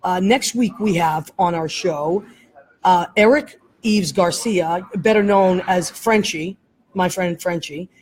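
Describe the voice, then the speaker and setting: A woman's voice: on the low side, slow, darkish tone, slight background noise, rough recording. A woman hosting a casual talk show, chatting in a rambling way and laughing often. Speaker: host. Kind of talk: casual chat. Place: airport, live streamed on camera.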